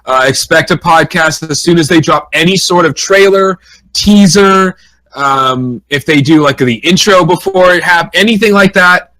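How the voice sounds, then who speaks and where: A man co-hosting a casual podcast, rambling and excitable. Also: a little high, moderate pace, poor audio. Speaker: podcast co-host.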